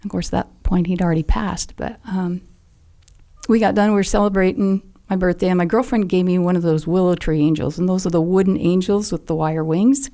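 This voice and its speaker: A woman's voice: fairly low pitch, fairly even intonation, brisk, dark tone. An older woman telling a personal story as a podcast guest, earnest and heartfelt, at times dropping to a near whisper. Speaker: podcast guest, mother of a fallen SEAL.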